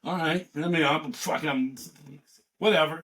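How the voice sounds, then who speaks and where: Man in his fifties, fairly high voice, a veteran guest who swears freely and tells stories in loose, animated bursts. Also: normal speed. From California. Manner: profane, rambling and animated, with restarts. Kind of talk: casual storytelling.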